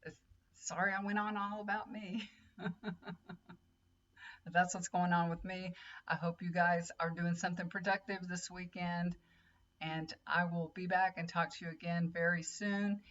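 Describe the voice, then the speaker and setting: A woman's voice: lowish voice, level tone, normal speed, pauses often, fairly bright tone. A middle-aged woman, a tarot reader and healer rambling in casual chat straight to her viewers. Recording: dull lo-fi audio with faint hum.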